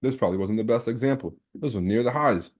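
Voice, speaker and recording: A man's voice: mid-range voice, fast. A man hosting a live trading stream, chatting casually, brash and teasing as he reads out the chat and swears freely. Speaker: trading livestream host.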